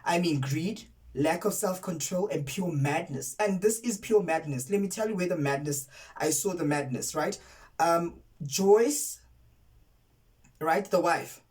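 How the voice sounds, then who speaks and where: A woman's voice: lowish voice, measured pace, a little mellow, distant mic, low-quality recording. A woman from South Africa giving a casual, emphatic spoken review of a TV series, often repeating words for effect. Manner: outraged and candid. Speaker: TV series reviewer, content creator.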